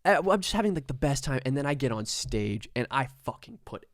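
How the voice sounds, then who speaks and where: A man who is a musician, telling stories on a podcast, animated and swearing, often acting out what people said. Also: mid-range voice, quick pace, dry recording, studio quality. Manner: animated, swearing, acts out quotes. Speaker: musician guest. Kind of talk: casual podcast storytelling. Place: studio.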